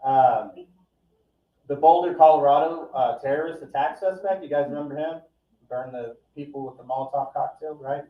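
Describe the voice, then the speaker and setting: Deadpan, profane comedian man. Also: a little high, moderate pace. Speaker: stand-up comedian. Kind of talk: stand-up set. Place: live comedy event. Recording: echoey, distant, dull live recording.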